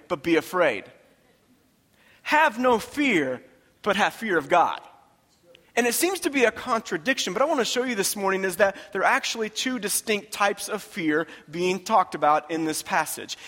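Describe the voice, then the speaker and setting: A man's voice: sits high, a bit bright, in a large hall. A man preaching a sermon, talking in a conversational, emphatic way and repeating his phrases for weight. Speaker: pastor.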